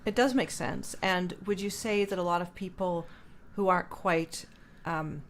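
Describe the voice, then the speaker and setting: A woman's voice: on the low side, measured pace, slight background noise. A woman hosting a musician interview podcast, asking careful, slightly hesitant questions. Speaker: podcast host.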